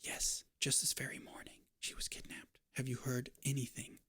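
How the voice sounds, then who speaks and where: A man voicing a cloaked woman who whispers urgently and rapidly, in a whispered role-play. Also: mid-range voice, level tone, fairly bright tone, breathy edge, dry recording, clean studio sound.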